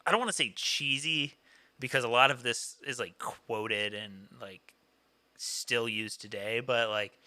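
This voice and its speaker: A man's voice: medium pitch, measured pace, sharp tone, no room sound. A man co-hosting a podcast, chatting casually about an old film with many fillers and reading notes aloud. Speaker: podcast co-host. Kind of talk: casual film discussion chat.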